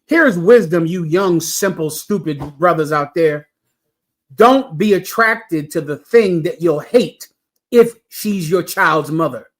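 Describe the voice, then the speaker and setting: A man's voice: a little high, expressive, takes it slowly. Blunt, crude preaching man. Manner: blunt, crude and scolding, with pointed questions. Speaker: preacher lecturing a class. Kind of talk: preaching commentary.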